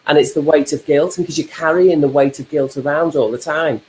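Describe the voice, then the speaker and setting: A woman's voice: low voice, fairly even intonation, brisk, darkish tone, rough recording. A woman co-hosting a casual live chat, who reflects and explains ideas through examples. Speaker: co-host, life coach.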